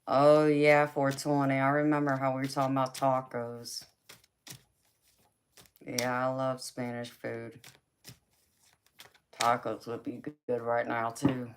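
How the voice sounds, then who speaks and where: A woman's voice: very deep voice, level tone, slow, long pauses, slight background noise. A young woman with a Southern drawl chatting casually with her livestream viewers, reading their comments aloud. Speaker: livestream host. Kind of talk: casual chat with live viewers.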